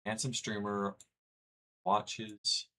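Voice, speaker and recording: A man's voice: fairly low pitch, monotone, extremely slow, bright, forceful tone. A young man from the United States chatting casually with his livestream chat, rambling and reading messages aloud. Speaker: streamer.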